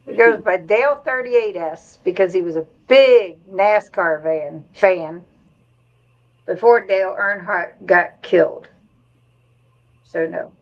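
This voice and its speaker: A woman's voice: mid-range voice, slow pace, muffled recording. A middle-aged woman hosting a live stream in casual chat, reading viewer comments aloud and laughing along.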